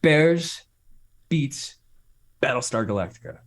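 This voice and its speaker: A man guesting on a casual interview chat, relaxed and rambling with an amused tone. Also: mid-range voice, takes it slowly. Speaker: streamer guest.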